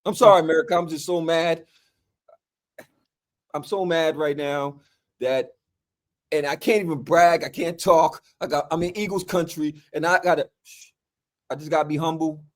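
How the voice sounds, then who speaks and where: A man in a casual sports rant, animated and exasperated, tagging his points with "okay". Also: a little high, moderate pace, long pauses. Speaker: football fan commentator.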